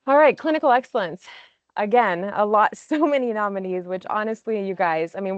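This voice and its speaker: A woman hands out awards over a video call, her lower voice emotional and full of "um" fillers. The sound is dry and close, with almost no room around it. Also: no room sound, highs cut off. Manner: emotional, filler-heavy, warm praise with frequent "um". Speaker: award presenter.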